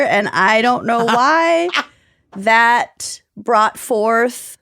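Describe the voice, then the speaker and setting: A woman co-hosting a podcast in casual chat, with wry, deadpan asides. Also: a little high, very slow, hardly any pauses, no room sound, studio quality. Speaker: podcast co-host.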